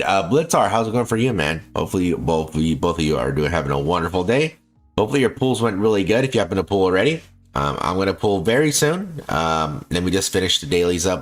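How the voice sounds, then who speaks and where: A male streamer chatting casually and rambling while he plays, full of fillers and restarts, with a bassy voice. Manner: rambling, filler-heavy, restarts often, laughs easily. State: feels like coughing. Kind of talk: casual live-stream chat while gaming.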